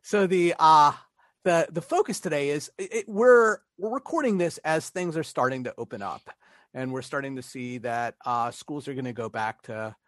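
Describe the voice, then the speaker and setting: A man from Pittsburgh co-hosting a podcast, upbeat and quick to laugh, with lots of "uh" and "you know" as he talks. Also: a little high, lively intonation, fairly bright tone, dry recording, studio quality. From Pittsburgh, United States. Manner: upbeat, laughs easily, many fillers. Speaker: podcast co-host. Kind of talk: casual chat.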